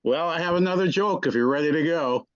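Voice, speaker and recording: A man with a slightly higher voice tells jokes in a relaxed way on a video call, laughing often and acting out the characters' lines. The call audio is dull and dry. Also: fast, smooth, no room sound. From small Swedish town in the US Midwest. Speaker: participant in a Zoom class. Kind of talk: casual joke-telling on a video call.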